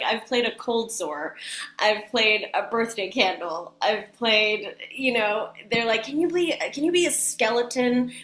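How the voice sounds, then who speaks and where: A woman voice actor chatting as a guest in an interview, bubbly and quick to laugh. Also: medium pitch, fairly bright tone, echoey room. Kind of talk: casual interview chat.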